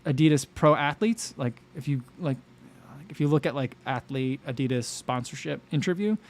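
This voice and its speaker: An American man hosting a casual livestream, talking in a rambling, animated way with lots of fillers and restarts. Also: fairly high pitch, normal speed. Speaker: livestream host.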